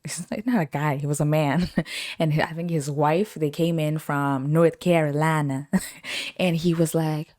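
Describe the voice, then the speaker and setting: A young woman hosting her own podcast, telling stories from her week in a casual, animated way, laughing often and acting out what people said. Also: sits low, normal speed. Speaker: podcast host. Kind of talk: casual storytelling.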